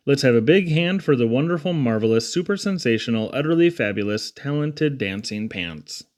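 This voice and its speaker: A man's voice: mid-range voice, expressive, moderate pace, a little mellow. A man reading children's poems aloud with a playful, showman-like rhyming delivery.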